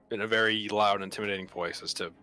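Low-ish but bright, punchy guy playing dnd on a call, asks loads of questions. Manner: eager, chatty, keeps asking questions. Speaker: player. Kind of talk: casual tabletop game play over a voice call.

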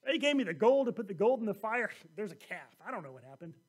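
A man preaching a sermon as pastor, telling scripture stories in a lively way and acting out the voices of the people in them. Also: high voice, fast talker, slightly rough. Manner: animated storytelling, acting out quoted voices.

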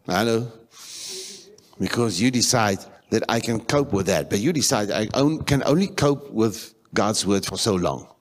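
A middle-aged man preaching in a church, talking conversationally and repeating phrases, with animated bursts. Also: on the low side, measured pace. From South Africa. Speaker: pastor. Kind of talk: sermon.

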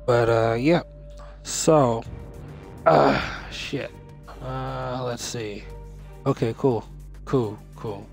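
A young man giving casual commentary while playing a video game, excitable and cursing, often shouting at the game. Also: mid-range voice, drawn-out words, gravelly, long pauses, soft background music. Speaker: gamer.

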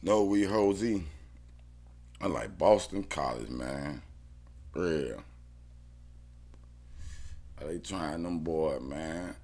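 A man's voice: low-pitched, sing-song, takes it slowly, creaky, long pauses, a little mellow. A man thinking aloud about his football bets in casual slang, often muttering to himself. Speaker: sports bettor.

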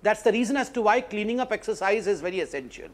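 A man's voice: high-pitched, expressive, fast talker. A man arguing emphatically as a panelist in a TV debate. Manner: emphatic, mixes in Hindi rhetoric. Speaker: political panelist. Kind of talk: TV debate argument.

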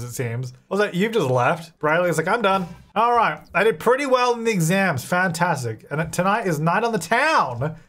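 Young guy doing lets play commentary, kinda high voice, chatty, laughs a lot. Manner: chatty, giggly, talks to game characters. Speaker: gaming YouTuber. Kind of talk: casual gameplay commentary.

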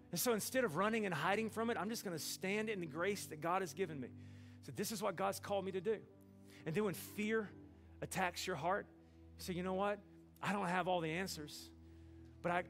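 A man's voice: high-pitched, gravelly, a bit bright. A man from Alabama, preaching a sermon in a folksy, humorous storytelling way. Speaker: pastor.

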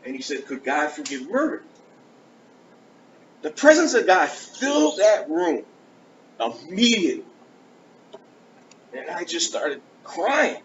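A man with a voice a little above average pitch delivers a storytelling sermon in church. He speaks earnestly and with animation, slipping into the voices of people he quotes. The sound is muffled and lo-fi, with a light hiss behind it. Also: a little slow, pauses often. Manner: earnest, animated, acts out conversations. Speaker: preacher giving his testimony. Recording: dull lo-fi church recording with faint hiss.

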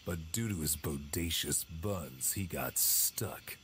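A gruff old backwoods man in a horror game, with a very low, heavy voice. He speaks in an ominous storytelling drawl, warning city folk off the woods. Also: animated, takes it slowly, a bit bright, exaggerated voice.

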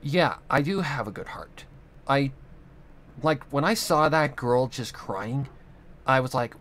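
A young man in a home vlog, talking on at length in a loose, heartfelt ramble. His voice sits at an ordinary middle pitch, and he drops casual swear words along the way. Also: lively intonation, takes it slowly, long pauses, fairly bright tone, slight background noise. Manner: rambling, earnest, swears often. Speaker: channel host. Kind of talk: casual monologue.

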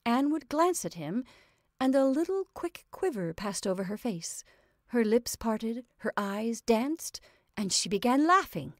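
Expressive woman narrating a story, dry and close. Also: mid-range voice, no room sound.

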